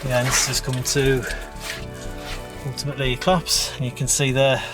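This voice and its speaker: A man's voice: mid-range voice, level tone, normal speed, rough recording. Chatty man in a mine. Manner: chatty, wry, self-mocking. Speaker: mine explorer. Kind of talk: casual narration while exploring. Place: underground mine passages. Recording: music playing under the voice.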